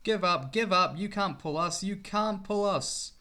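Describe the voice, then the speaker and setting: A man's voice: sing-song, fairly quick, pushed and bright, exaggerated voice. A man voicing a crowd of unruly screeching freight trucks that jeer shrilly. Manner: jeering, shrill.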